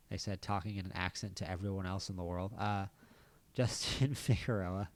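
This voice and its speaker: An American man with a fairly low voice talks through a game in a relaxed, offhand way. He thinks aloud as he plays, dropping wry little asides. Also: brisk, no room sound. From United States. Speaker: gaming channel host. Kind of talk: casual gameplay commentary.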